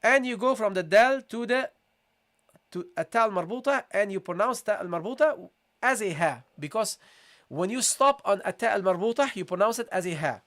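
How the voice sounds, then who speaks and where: A Quran recitation teacher giving a tajweed lesson, patiently repeating syllables slowly for students, with a slight cold and occasional throat-clearing. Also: medium pitch, expressive, fairly bright tone. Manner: patient, repeats sounds slowly, calls listeners "guys". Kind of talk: tajweed lesson, live session.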